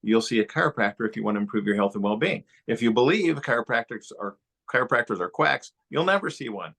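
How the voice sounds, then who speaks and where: A man explains ideas in a steady coaching tone during a relaxed talk. His voice sits at an ordinary middle pitch. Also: fast, vocal fry, slightly rough. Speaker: co-host, practice coach. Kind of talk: casual instructional talk.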